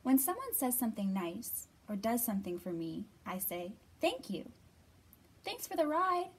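Reading to children at storytime, a librarian uses a fairly high, husky voice at a moderate pace. She sounds bright and expressive, giving the quoted lines a performance.

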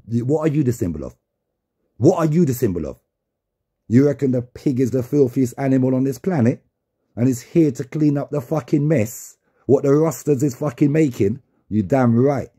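Brief: man vlogging, heated preachy rant, deep mellow husky tone. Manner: heated, repetitive, profane, preaching. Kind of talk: angry rant to camera.

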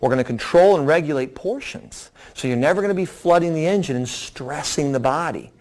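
A middle-aged man, a doctor, explains a program to a seminar audience and answers their questions in a lively, folksy way, acting out quotes. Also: on the high side, brisk. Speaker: doctor presenting a weight loss program.

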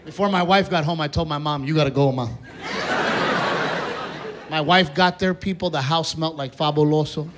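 A man's voice: a little high, steady tone, a little fast, hardly any pauses, very noisy. A man doing a stand-up comedy set on a live stage, telling a story and acting out family members' voices. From Mexican-American heritage. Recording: live club recording, loud crowd. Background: audience laughter.

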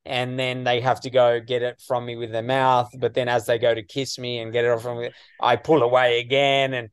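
An Australian man from western Sydney, a comedian guest in a casual interview, chatty and full of "you know"s and lively asides. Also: mid-range voice, a little fast, clean tone, no room sound, clean studio sound.

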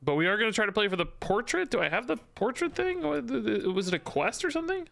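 A man's voice: high-pitched, big pitch swings, fast, vocal fry, fairly bright tone. A man streaming a card game, chatting casually, thanking subscribers and thinking aloud about his deck. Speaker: Twitch streamer. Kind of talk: casual live-stream commentary.

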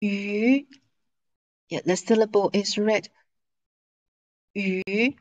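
A woman teaches at a very slow, drawn-out pace. She says each word again and again for her students. Her pitch sits in a middle range. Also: highs cut off. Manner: drawn-out, repeating words for students. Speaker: language teacher. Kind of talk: slow, patient classroom teaching.

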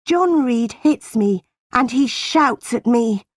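A woman's voice: on the high side, animated, takes it slowly, no echo, clean studio sound, pitched above the performer's own voice. A woman voicing a defiant ten-year-old orphan girl. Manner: defiant, earnest.

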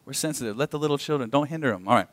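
A man pastor preaching a sermon in church, animated and asking the congregation questions. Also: medium pitch, racing, no room sound. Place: church sanctuary.

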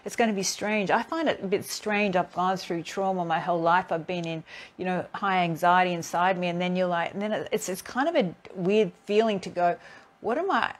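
A woman's voice: on the low side, fairly quick. A woman healing therapist talking casually in a live stream, telling her own stories with energy and acting out both sides of each exchange. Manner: animated storyteller who acts out both sides of encounters. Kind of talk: casual spiritual talk.

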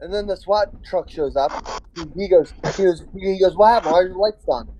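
A man's voice: high voice, a little fast, dark tone, slight background noise, poor audio. A man on voice chat during a gaming stream, telling a rambling anecdote in casual chat and acting out the back-and-forth of a conversation.

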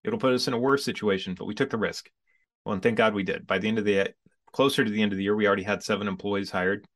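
Lively low-voiced man telling his story. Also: fast talker. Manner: animated storyteller who acts out his own past reactions. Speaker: podcast guest, business coach. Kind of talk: storytelling in a casual interview.

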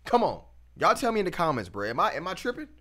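A man's voice: sits high, rapid-fire. A man hosting a reaction video, talking casually in slang and pressing his points with emphasis. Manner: animated, emphatic, slangy, laughs between points.

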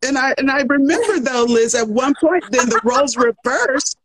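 A middle-aged woman, the showrunner, chatting on a livestream and telling lively stories with acted-out dialogue. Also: high voice, normal speed, a crowd in the background. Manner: animated storyteller, acts out quoted dialogue. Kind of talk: casual chat on a livestream.

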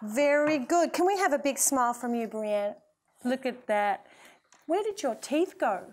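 A woman's voice: high voice, lively intonation, measured pace. A woman leading a playful, encouraging Bible lesson for children in a kitchen. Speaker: children's minister.

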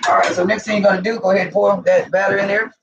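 Soft music plays behind this cooking vlogger, a middle-aged man from the American South with a Southern accent. His high voice comes out flat, very fast, and with vocal fry as he curses and talks straight to the camera. The mic is distant, dull, and roomy, with faint noise.

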